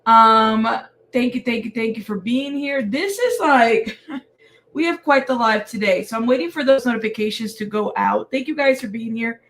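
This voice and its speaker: Tired woman hosting a live chat stream, friendly greetings, a bit of vocal fry. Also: a little high, moderate pace, fairly bright tone, slight background noise. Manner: chatty, greets viewers by name. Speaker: livestream host.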